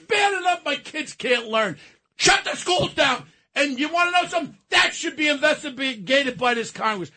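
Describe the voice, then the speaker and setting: A man in his seventies ranting angrily on a political talk radio show, often shouting. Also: very high-pitched, animated, normal speed. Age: 70s. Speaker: radio co-host.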